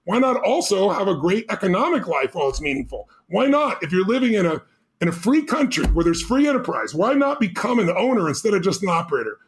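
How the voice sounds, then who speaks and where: A middle-aged man telling a motivational story as a podcast guest, energetic, emphatic and urgent. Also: high-pitched, quick pace.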